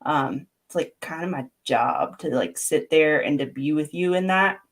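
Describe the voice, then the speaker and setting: A woman's voice: sits low, animated, measured pace. A woman art therapy counselor talking in a casual interview, chatty, laughing often and using many fillers.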